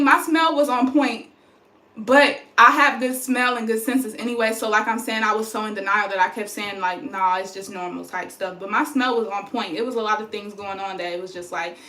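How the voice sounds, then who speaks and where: A woman's voice: fairly high pitch, fairly bright tone. A young woman vlogging casually to her phone about her pregnancy, chatty and rambling, tired. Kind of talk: casual chat to camera. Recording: roomy echo.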